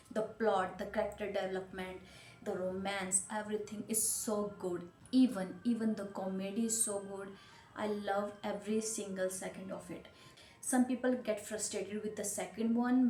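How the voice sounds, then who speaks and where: A chatty woman reviews her month's reading in a casual vlog, opinionated and quick to restart her sentences. Her voice bounces around an echoey room, with a faint hiss of noise behind her. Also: mid-range voice, darkish tone. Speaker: book reviewer.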